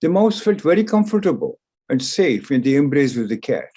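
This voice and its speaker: A man lecturing on scripture, retelling an ancient story in a deliberate discourse, repeating phrases for emphasis. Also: medium pitch, big pitch swings, mellow.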